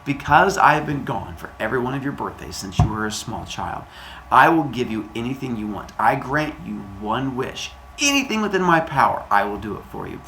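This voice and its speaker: A man voicing a sun god father who booms slowly and grandly. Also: big pitch swings, sharp tone, a little hiss or hum. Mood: solemn. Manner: slow, booming and grand. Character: booming slow-speaking sun god father.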